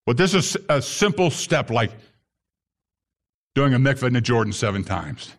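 A man preaching an impassioned sermon to a congregation, building to shouted emphasis at key points. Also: mid-range voice, big pitch swings, normal speed.

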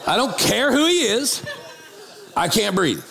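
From the pulpit, a man tells a comic story in a sermon, animatedly acting out each voice. His high, creaky voice moves at a measured pace, with a long reverb tail and a crowd in the background.

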